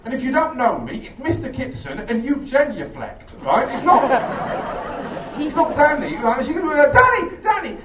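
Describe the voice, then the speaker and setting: A man doing a rambling, sweary, self-mocking stand-up set on a theatre stage, with bursts of shrill shouted impressions. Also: sing-song, normal speed, crowd noise. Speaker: stand-up comedian. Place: theatre stage with a laughing audience. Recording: echoey live room, distant, audience noise.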